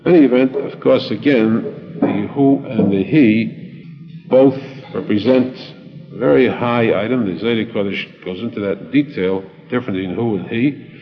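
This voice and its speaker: A man delivers a Torah lesson at an unhurried pace, restating each point and mixing Hebrew words into his explanations. The recording is dull and lo-fi, with a long reverb trailing his voice and faint music underneath. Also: on the low side. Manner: deliberate, repeats phrases for emphasis, with Hebrew and Yiddish terms. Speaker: rabbi teaching Torah. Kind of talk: Torah lecture.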